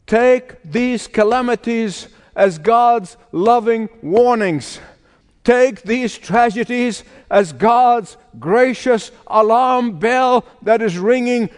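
A male pastor preaching a sermon emphatically, repeating key phrases and swinging from hushed to loud. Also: very high voice. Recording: long reverb of a large hall.

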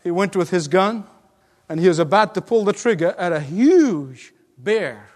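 High-voiced preacher in an echoing hall. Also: male voice, expressive, measured pace, a little mellow. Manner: emphatic and repetitive, often laughing. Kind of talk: sermon.

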